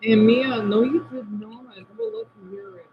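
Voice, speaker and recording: A man talks casually to his live-stream viewers from home, his voice high and swinging widely in pitch. He answers comments one by one and lets his sentences drop away quietly. The audio is dull and lo-fi, with a faint background hiss. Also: very animated, moderate pace, vocal fry. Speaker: livestream host reading chat. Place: indoors at home by a window.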